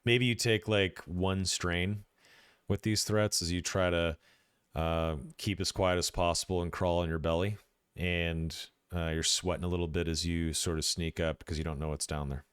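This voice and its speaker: Male game master for a tabletop session: low, smooth voice, halting delivery. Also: fairly even intonation, a bit bright, dry recording, clean studio sound. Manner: hesitant, many fillers and restarts.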